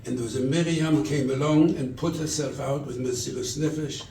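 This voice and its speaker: A rabbi from England giving a sermon at a charity event, telling stories and acting out the dialogue. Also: male voice, medium pitch, fairly even intonation, moderate pace, vocal fry, dark tone, slight background noise. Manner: storytelling, quotes scripture and acts out dialogue. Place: event hall. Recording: echoey room, distant mic.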